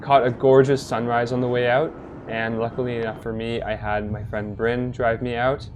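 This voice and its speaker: A young man narrating his training week as a vlogger in a relaxed, chatty way, with light chuckles now and then. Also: mid-range voice, normal speed, slight background noise. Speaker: vlogger, triathlete. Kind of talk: casual voice-over narration.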